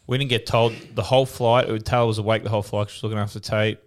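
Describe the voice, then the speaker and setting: A man's voice: fairly low pitch, flat delivery, quick pace. An Australian man in casual radio chat, laid-back and joking.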